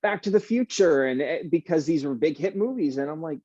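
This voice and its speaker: A young adult man, an actor guest, chatting casually in an interview, easygoing and animated with plenty of fillers. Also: a little high, normal speed, breathy edge, no echo, muffled recording.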